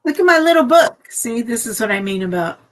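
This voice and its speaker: A woman's voice: sing-song, a little fast, rough recording. Chatty woman hosting a craft stream. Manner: chatty, breaks into high baby talk with her dog. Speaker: craft channel host. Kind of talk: casual live-stream chat. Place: home craft room.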